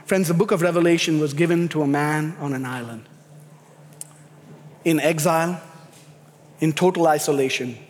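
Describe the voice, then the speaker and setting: A man's voice: a little high, normal speed, long pauses. A man preaching a sermon, emphatic and building in intensity as he speaks. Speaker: pastor. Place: church sanctuary. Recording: echoey hall reverb.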